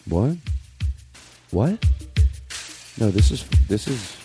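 A man's voice: fairly low pitch, sing-song, very slow, loud music behind the voice. A man hosting a comedy podcast in a studio, telling rambling stories, laughing and swearing as he acts out bits. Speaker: podcast host. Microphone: studio mic.

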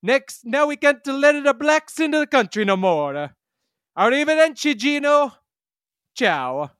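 A man's voice: extremely high pitch, very animated, a little slow, no room sound, clean studio sound, voice pushed up, full character voice. A man putting on a pompous Italian prime minister with a mock Italian accent and broken English. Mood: boastful. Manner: broken English, loud and sing-song.

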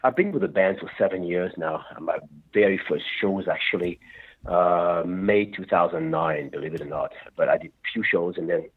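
A man's voice: sits low, moderate pace, husky. A man, a rock singer, talking in a rambling way and often laughing during a radio interview over the phone. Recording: tinny phone line.

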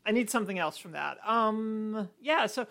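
A woman co-hosting a TV podcast, talking in a loose, chatty way. She gets animated and exasperated as she vents, breaking into laughs often. Her pitch sits in a middle range for a woman. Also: moderate pace, creaky. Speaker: podcast co-host. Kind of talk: casual chat.

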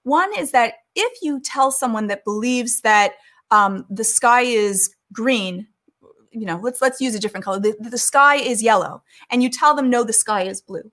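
A woman giving calm, earnest advice in a conversation, acting out the things people say to each other. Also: fairly high pitch, moderate pace. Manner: calm, earnest, acts out quoted speech.

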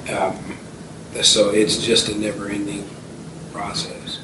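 A man's voice: on the low side, monotone, takes it slowly. A man in his fifties, an entrepreneur guest telling stories in a casual interview, with many restarts and fillers. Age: 50s. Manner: storytelling, frequent restarts and fillers. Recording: roomy and distant with faint noise.

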